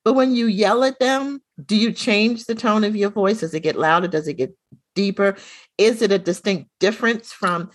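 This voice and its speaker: Middle-aged female co-host, chatty and animated, dry close-mic sound. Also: medium pitch, moderate pace, no echo. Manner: animated storyteller, acts out quoted dialogue. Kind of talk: casual chat, storytelling.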